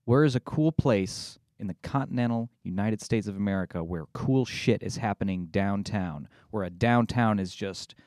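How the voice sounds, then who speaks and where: A man's voice: fairly low pitch, moderate pace, hardly any pauses, a little mellow, no echo, clean studio sound. A man hosting a casual comic shop podcast, talking with enthusiasm and cursing freely. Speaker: podcast host.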